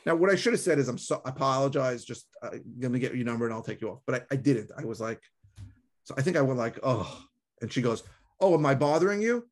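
A fast-talking man co-hosts a relaxed podcast conversation. He tells stories with energy and acts out the callers he describes. His pitch sits in the middle for a man. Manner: animated storyteller, acts out callers. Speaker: podcast co-host.

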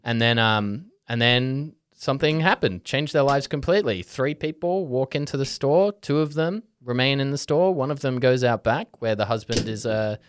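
A man's voice: medium pitch, moderate pace, hardly any pauses, a little hiss or hum. A young Australian man telling a story in casual chat, full of fillers like "like" and "um" and frequent restarts. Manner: rambling, many fillers and restarts. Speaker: podcast co-host.

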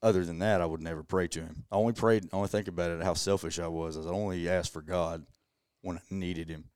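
A man's voice: low voice, steady tone, quick pace, darkish tone, clear, resonant tone, no room sound, clean studio sound. A young adult man, telling a personal story as a podcast guest in an earnest, casual way full of "you know.".

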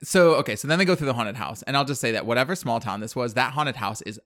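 A man's voice: mid-range voice, fast talker, a bit bright, no echo, clean studio sound. A man telling a movie plot in casual chat, rambling with lots of fillers and acted-out quotes. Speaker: podcast co-host.

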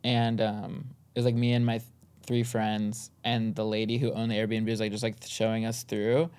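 A young man from Southern California, a stand-up comedian talking as a podcast guest in a halting way, with lots of fillers and restarts. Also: on the low side, flat delivery, a little mellow, smooth. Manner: halting, full of fillers and restarts, laughs often. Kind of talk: casual podcast chat.

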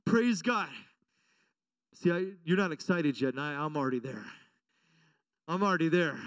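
A man's voice: fairly high pitch, fairly quick, dry recording, distant mic. A man preaching as pastor, emphatic and repetitive, often checking in with the congregation. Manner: emphatic preaching with repeated call-and-response questions. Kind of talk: sermon. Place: church.

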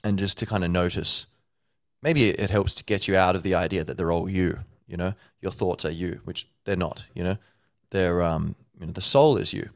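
A man's voice: sits low, steady tone, normal speed, no echo, studio quality. A man hosting a podcast, thinking aloud in a rambling, playful way with many fillers. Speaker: podcast host. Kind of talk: casual solo talk.

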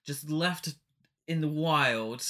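A man's voice: fairly high pitch, takes it slowly, fairly bright tone. A man co-hosting a podcast, chatting casually about a film with rambling, jokey asides and frequent laughs. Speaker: podcast co-host. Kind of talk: casual film review chat.

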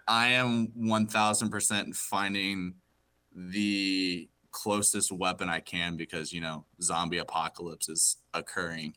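A man's voice: low voice, steady tone, measured pace, pushed and bright, clear, resonant tone. A man co-hosting a podcast, chatting in a matter-of-fact, playful way. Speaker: podcast co-host. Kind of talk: casual banter.

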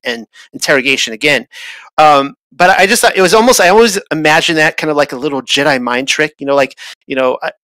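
Bright, dry-voiced man musing on scripture. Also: a little high, dry recording, poor audio. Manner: thinking aloud, frequent restarts and fillers. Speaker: podcast host. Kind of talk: casual Bible study talk. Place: traveled to Israel.

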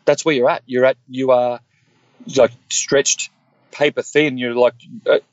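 Heard with no echo but dull audio, this former police officer in his fifties speaks at a measured pace in a mid-range voice. He's a guest recounting his own life in candid conversation, earnest and lively, voicing the characters' quoted lines.

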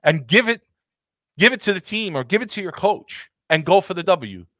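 Male podcast host, heated ranter, swears a lot, higher pitch. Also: lively intonation, normal speed, a bit bright, no room sound, studio quality. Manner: passionate, ranting, swears freely. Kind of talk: heated casual football talk.

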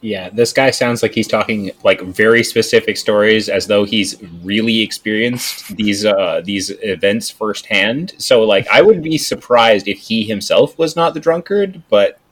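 Husky low-voiced young man playing. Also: measured pace, hardly any pauses, fairly bright tone. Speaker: player. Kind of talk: tabletop role-play.

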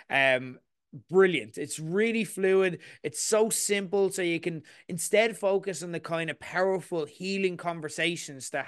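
A young man co-hosts a film podcast, giving a detailed and enthusiastic review. His voice is smooth and resonant, a bit higher than most men's. It is recorded dry and close, with no room echo. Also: fairly bright tone. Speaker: podcast co-host. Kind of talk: casual film review chat.

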